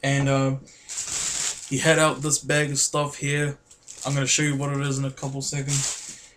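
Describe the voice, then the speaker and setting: A man vlogging to camera, telling a story excitedly and rambling, often calling his viewers guys. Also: mid-range voice, normal speed, a little hiss or hum.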